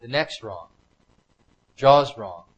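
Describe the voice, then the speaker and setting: A man's voice: mid-range voice, animated, slow pace, husky, muffled recording. Man, lecturer, slide talk to an audience, emphatic, repeats himself, mid-range voice. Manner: emphatic, repeats points over and over.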